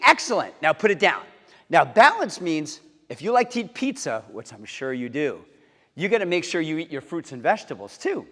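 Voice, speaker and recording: Upbeat guy running a kids karate class, shouts chants and counts, big echoey studio. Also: high-pitched. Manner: upbeat, encouraging, calls out chants and drills. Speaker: martial arts instructor. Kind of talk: kids' karate lesson to camera. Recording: long hall reverb.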